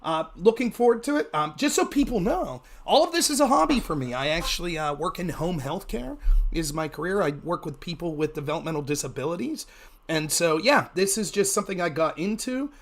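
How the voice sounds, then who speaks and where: Animated, higher-voiced male commentator. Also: fairly quick. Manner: animated, jumps sharply in pitch when greeting. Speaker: guest political commentator. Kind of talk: casual interview talk.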